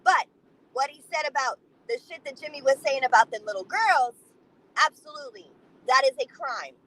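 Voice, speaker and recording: A woman with a high-pitched voice talks straight to camera in a casual monologue. She is blunt and profane, and she leans hard on her points as she tells the story. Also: sing-song, moderate pace, sharp tone, poor audio. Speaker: vlogger.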